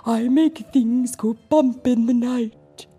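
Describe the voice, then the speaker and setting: A woman voicing a boastful ghost from a storybook, drawing her words out slowly and loudly. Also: fairly high pitch, breathy edge, faint music behind, voice pushed up. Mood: gloating.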